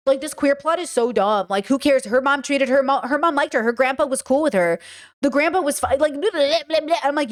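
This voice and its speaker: Animated young woman in casual chat. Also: high-pitched, brisk. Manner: animated, swearing, says bro a lot. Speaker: channel host.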